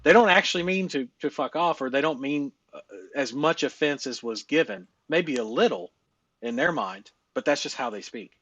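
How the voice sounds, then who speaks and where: Guy coaching on a live stream, mid pitch, swears a lot, laughs, dry close sound. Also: lively intonation, moderate pace, fairly bright tone, breathy edge, dry recording, dull audio. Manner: blunt and profane, laughing often, with frequent fillers. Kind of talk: casual coaching talk.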